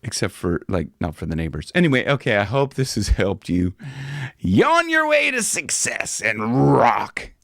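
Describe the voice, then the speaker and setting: A male vocal coach chatting casually through a singing lesson at home, self-mocking between high, yawning demonstrations. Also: huge pitch swings, a little slow, gravelly, fairly bright tone, dry recording, clean studio sound. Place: home room with guitars.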